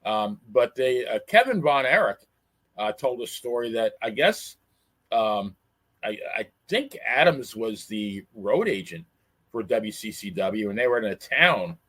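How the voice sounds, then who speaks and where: A man co-hosting a podcast, recounting wrestling history in a halting, filler-heavy way. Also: on the low side, very animated, a bit bright. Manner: halting, lots of fillers and restarts. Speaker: podcast co-host. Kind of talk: casual chat.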